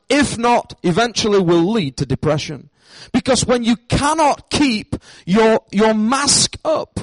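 A man's voice: high-pitched, dry recording, rough recording. A man preaching a sermon in a church, emphatic and repeating his key phrases. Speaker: pastor.

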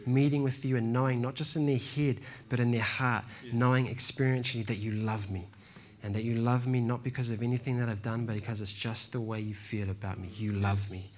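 A man preaching a sermon in a relaxed, slangy way, telling stories and calling listeners "man" and "bro". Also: mid-range voice, brisk, few pauses. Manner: laid-back, slangy, says "man" and "bro". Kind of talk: casual sermon with storytelling.

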